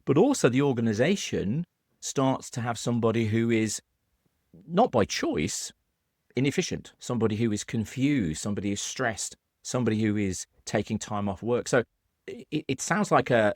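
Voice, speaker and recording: British male podcast co-host, lowish voice, earnest and explanatory, dry close sound. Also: animated, moderate pace, darkish tone, no room sound. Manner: earnest, explanatory, frequent restarts. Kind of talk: conversational podcast discussion.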